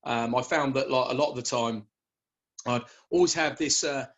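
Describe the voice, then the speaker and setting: A man, a guest telling his story in a relaxed interview, often hesitating with fillers and restarts. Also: medium pitch, normal speed. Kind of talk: conversational interview.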